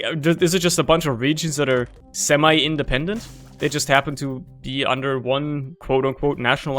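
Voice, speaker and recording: Brief: young male gaming host, native German speaker, slightly high voice, loose rambling commentary, faint game music behind. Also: a bit bright. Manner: rambling, tangent-prone, swears casually. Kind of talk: casual gameplay commentary.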